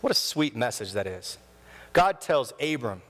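Animated pastor in an echoing church. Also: male voice, medium pitch, measured pace. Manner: animated storytelling, acting out quoted voices. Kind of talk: sermon. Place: church sanctuary.

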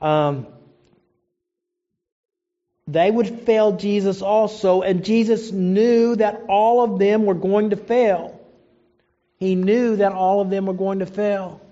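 A man's voice: high voice, steady tone, slow, long pauses, warm tone. A man preaching a sermon, emphatic and asking rhetorical questions, in a dull lo-fi recording. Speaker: pastor.

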